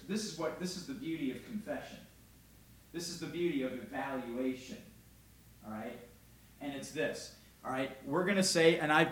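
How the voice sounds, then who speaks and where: A man preaching a sermon in a conversational way, often asking "all right?", moving between loud emphasis and quiet, close talk. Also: medium pitch, a little hiss or hum. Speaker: pastor.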